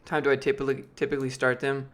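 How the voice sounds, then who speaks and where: A man's voice: medium pitch, completely flat delivery, rapid-fire, fairly bright tone. A man in his late twenties, losing his voice, rambling casually as he answers questions from his live-stream chat. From Georgia, US. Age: late 20s. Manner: rambling, filler-heavy, restarts often.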